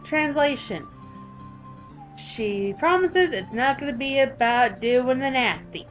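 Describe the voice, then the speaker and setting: A young woman with a Southern US accent reads a visual novel aloud and comments on it, gushing and animated. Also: on the high side, lo-fi sound. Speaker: gaming YouTuber.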